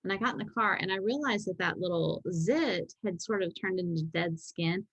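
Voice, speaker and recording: A woman's voice: lowish voice, normal speed, a bit bright, breathy edge, no room sound. A woman co-hosting a podcast, telling rambling, self-deprecating stories in casual chat. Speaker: podcast co-host.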